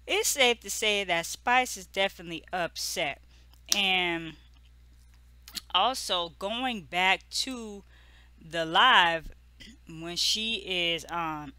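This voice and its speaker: Slow, bright-voiced gossip vlogger woman. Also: mid-range voice, no echo. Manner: chatty, loose, with many fillers and restarts. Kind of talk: casual gossip recap.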